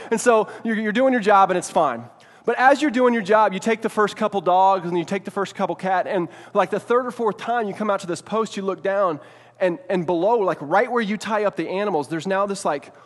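Guy preaching a casual sermon, kinda high voice, lots of "right?", big echoey hall. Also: a little fast. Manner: conversational, keeps asking "right?" to check in. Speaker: pastor.

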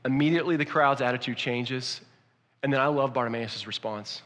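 A man preaching a sermon, swinging between hushed, intimate lines and rising, emphatic passages. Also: mid-range voice, brisk. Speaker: pastor. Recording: long hall reverb.

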